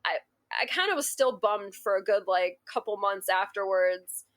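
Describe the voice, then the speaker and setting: A woman's voice: mid-range voice, normal speed, fairly bright tone. Chatty woman telling a story. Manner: rambling, emotional, frequent self-restarts and laughs. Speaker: guest cake artist. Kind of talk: casual interview storytelling.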